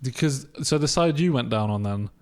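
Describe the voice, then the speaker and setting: A young man co-hosting a podcast, reacting quickly and asking playful questions. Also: mid-range voice, expressive, darkish tone. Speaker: podcast co-host. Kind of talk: casual chat.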